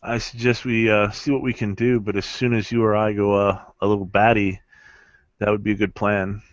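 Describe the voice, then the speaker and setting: A fairly low-voiced man hesitantly describes his character's actions at the gaming table. The sound is dry and dull. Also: flat delivery, moderate pace, dry recording. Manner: hesitant, with "uh" fillers. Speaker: player.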